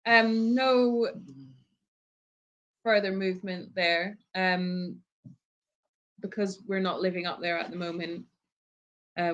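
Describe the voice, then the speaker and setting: A woman's voice: lowish voice, lo-fi sound. Woman reading viewer questions aloud. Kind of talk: casual live-stream chat.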